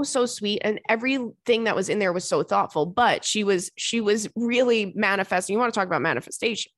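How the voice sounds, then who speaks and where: A woman's voice: dry recording, studio quality. A young woman hosting a podcast, chatting casually and reading listener letters, acting out quotes with big leaps in her voice. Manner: animated, acts out quotes with big jumps in pitch. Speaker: podcast host.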